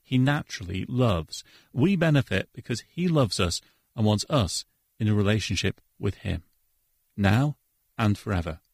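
A man with a husky, lowish voice gives an earnest devotional talk for the radio. He speaks in a preacherly way and quotes verses, and the studio sound is dry. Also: lively intonation, moderate pace, no echo. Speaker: radio co-host.

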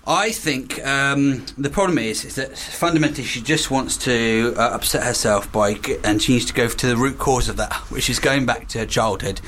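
A man's voice: medium pitch, normal speed, hardly any pauses, fairly bright tone. A man co-hosting a podcast, joking with a dry, mock-serious manner. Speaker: podcast co-host. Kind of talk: casual banter.

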